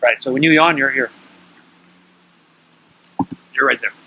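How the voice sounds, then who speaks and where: A man's voice: medium pitch, measured pace, pushed and bright, rough recording. A man teaching breathing awareness to a small group in a casual, coaching way, often checking in with his listeners. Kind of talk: casual instructional talk.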